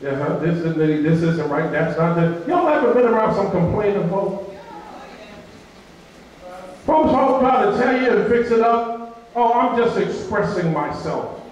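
A man's voice: high voice, animated, a little slow, long pauses, a little mellow. A male pastor preaching a sermon, mimicking complaining voices and answering his own questions. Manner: preaching with call-and-response fillers and mimicked whining. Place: church sanctuary. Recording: echoey church hall from far off.

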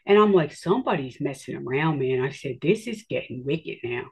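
A woman telling her own story in a casual, animated way, swearing freely and acting out her own reactions. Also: deep voice, normal speed, breathy edge.

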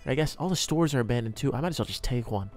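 A man narrating his own game roleplay in an excitable way, often yelping and panicking as things chase him. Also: medium pitch, racing. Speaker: gamer doing a roleplay. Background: game music.

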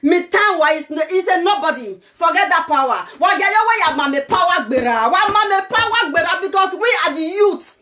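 A Nigerian woman with a Nigerian accent rants passionately to her viewers in a high, piercing, bright voice. She swings between shouting and pleading. Her delivery stays fierce and urgent. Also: expressive, normal speed. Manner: shouting, pleading, breaks into laughter. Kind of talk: impassioned political rant to viewers. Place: lives abroad in Europe.

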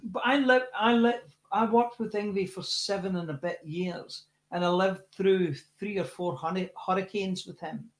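Speaking at normal speed with barely a pause, the Scottish rocker chats as a guest in an easygoing interview. His high, bright voice carries lively tales, though he trips over false starts and repeated words.

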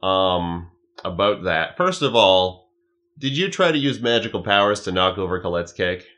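Low-voiced man joking on a podcast. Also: big pitch swings, normal speed, a bit bright. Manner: joking, rambling recaps. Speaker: podcast co-host. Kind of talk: casual comedic chat.

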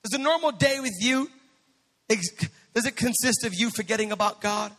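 Brief: male preacher, very high gravelly voice, fiery sermon with shouted peaks, church reverb. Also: moderate pace. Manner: impassioned preaching that builds to shouted climaxes, with quips to the congregation. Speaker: pastor. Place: church sanctuary.

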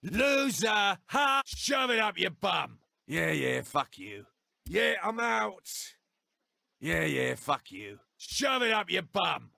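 A man's voice: on the high side, sing-song, takes it slowly, creaky, bright, forceful tone, dry recording, heavily acted. An actor with a British accent voicing a cocky, brash male gang-boss president in a video game, throwing crude, mocking taunts. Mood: taunting. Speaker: player character taunting.

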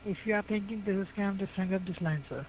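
A man's voice: high-pitched, fast talker, breathy edge, no room sound. A man working at a call center, answering formally and defensively over the phone. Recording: muffled noisy phone line.

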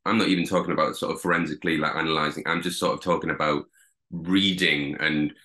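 A young man from the north of England, talking as an interview guest. His low voice carries a bright, forceful edge. He rambles loosely, full of fillers and restarted sentences. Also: flat delivery, quick pace. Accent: Northern English. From Durham, England. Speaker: guest actor. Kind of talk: casual interview.

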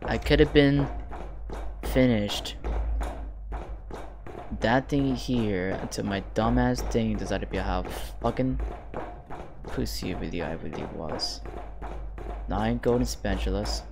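A young man giving angry gameplay commentary, grumbling and swearing, clearly frustrated. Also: on the low side, slow pace, pauses often, noisy background. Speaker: gaming channel host.

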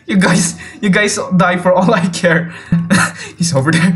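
Excitable high-voiced male gamer. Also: moderate pace, soft background music. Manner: excitable, jumpy, often yelps and laughs, teases other players. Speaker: video game player. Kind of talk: let's play gameplay commentary.

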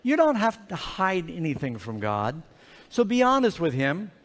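Animated man preaching to children. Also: on the high side, moderate pace. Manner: animated, playful storyteller. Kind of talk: storytelling sermon for children. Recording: reverberant hall.

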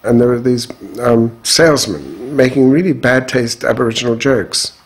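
An older man from Australia, recounting his life in an interview in a measured, frank way. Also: mid-range voice, breathy edge. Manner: measured, frank, strong views. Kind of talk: reflective personal storytelling.

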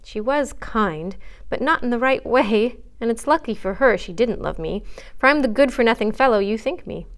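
A woman's voice: a little high, expressive, normal speed. A woman reading as a sullen heartbroken young man. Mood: bitter. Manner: grim, despondent. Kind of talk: read-aloud storybook dialogue.

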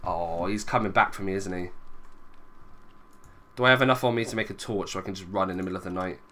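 A man's voice: low-pitched, fast, a bit bright. A young man giving chatty let's play commentary, muttering asides to his viewers as he plays. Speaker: gaming video creator.

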